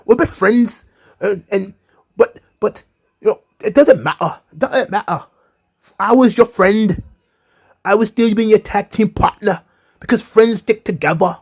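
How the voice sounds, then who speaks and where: Guy doing a whiny clingy young woman, high squeaky pleading voice. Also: measured pace, creaky, a little mellow, breathy edge, heavily acted. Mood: insistent.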